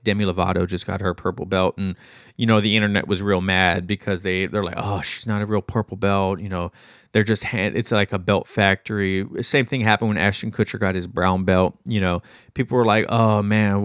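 A man's voice: on the low side, dry recording. A man hosting his podcast alone, answering listener questions in a chatty, rambling way and laughing easily, close to the mic in a small studio. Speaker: podcast host. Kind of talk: casual solo Q&A chat. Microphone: close podcast microphone.

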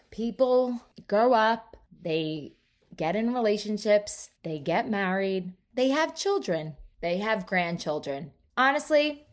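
A woman in her thirties hosts a solo podcast with a medium-pitched voice. She talks in an easy, chatty way, plays up her own drama and laughs at herself. She swears freely as she goes. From New Jersey. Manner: animated, self-mocking, dramatic, swears freely. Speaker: podcast host. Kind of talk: casual solo podcast chat.

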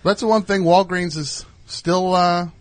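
A man's voice: high voice, steady tone, unhurried, dry recording. A man hosting a radio show, rambling and riffing in casual comedic chat in a studio. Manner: rambling, riffing with put-on voices.

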